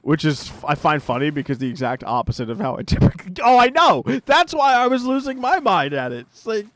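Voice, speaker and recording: A man's voice: a little high, big pitch swings, a little fast, fairly bright tone. A man streaming a game, chatting casually with a teammate, swearing and laughing as he retells a fight. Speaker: gaming streamer. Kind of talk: casual chat while playing a game.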